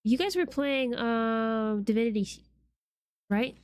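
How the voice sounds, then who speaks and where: Chatty woman streamer, higher voice. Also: slow, clean tone, no room sound, studio quality. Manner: chatty, playful, swears casually. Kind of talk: casual stream chat.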